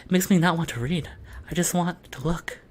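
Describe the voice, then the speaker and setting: A man reading a shy, flustered teenage girl's lines from a game in a hushed, breathy voice, as whispered role-play. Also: on the high side, brisk, close to an everyday voice.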